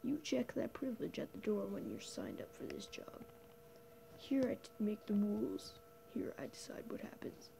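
A ruthless boss who pays a killer, played by a woman reading a game aloud speaks in a low, commanding whisper. The voice is dark and gravelly, with a faint hiss behind it. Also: sing-song, moderate pace. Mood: cold. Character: cold ruthless employer of a hired killer.

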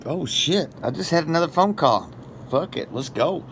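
A man prank-calling phone scammers, talking in crude, profane, deliberately absurd rambles. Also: fairly high pitch, animated, noisy background. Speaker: prank caller baiting scammers. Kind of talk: casual phone prank banter.

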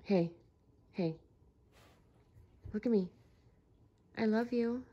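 Softly coaxing young mother. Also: on the high side, drawn-out words, lo-fi sound. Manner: soft, coaxing, repeats questions gently. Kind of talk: casual home video.

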